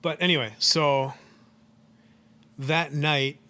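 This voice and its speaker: A man's voice: fairly high pitch, fairly even intonation, slow pace, pushed and bright. A man co-hosting a podcast, casually retelling a film's plot with lots of "like" and "um". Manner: rambling, heavy use of "like" and "um". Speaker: podcast co-host.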